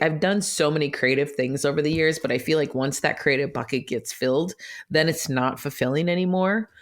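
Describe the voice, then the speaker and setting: A middle-aged woman hosting a podcast, telling a personal story in a chatty, emotional way, laughing often and acting out her own quoted words, recorded in an office. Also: deep voice. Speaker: podcast host.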